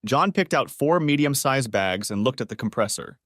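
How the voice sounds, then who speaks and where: A man's voice: mid-range voice, expressive, normal speed, fairly bright tone, dry recording, clean studio sound. Man reading a family drama story. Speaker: narrator. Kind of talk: scripted story narration.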